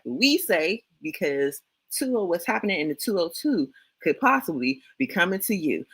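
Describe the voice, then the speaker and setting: A man's voice: on the high side, fairly bright tone, no room sound, low-quality recording. A man from Washington, D.C., with a local accent, co-hosting a casual livestream talk show and greeting viewers in the chat with slang.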